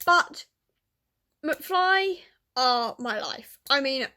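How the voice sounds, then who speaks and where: A woman book vlogger chatting casually, gushing and tearful with excitement, full of fillers. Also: high voice, very slow. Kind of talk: casual vlog chat.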